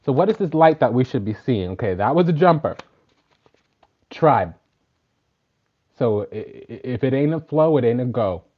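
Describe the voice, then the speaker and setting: A man's voice: medium pitch, expressive, moderate pace, long pauses. Emphatic, profane man preaching a sermon. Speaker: spiritual teacher and tarot reader. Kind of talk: casual spiritual sermon. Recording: dull lo-fi recording.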